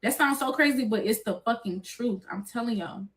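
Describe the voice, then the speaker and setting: Her voice is fairly high and her speed is normal as this young woman walks viewers through a chaotic story from her own life. She curses openly and plays out each quote with animated energy.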